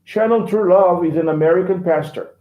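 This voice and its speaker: A man with a Brazilian Portuguese accent teaching English in an online lesson, halting and repeating words with many fillers. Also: high voice. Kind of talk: online lesson explaining casually. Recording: tinny phone-like line, echoey room.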